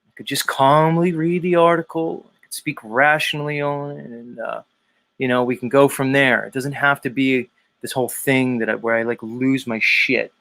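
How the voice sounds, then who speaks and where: A man's voice: medium pitch, steady tone, normal speed, creaky, a bit bright, dry recording. A male host ranting on his commentary show in an agitated, profane and rambling way. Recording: talk show with music playing underneath. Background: music.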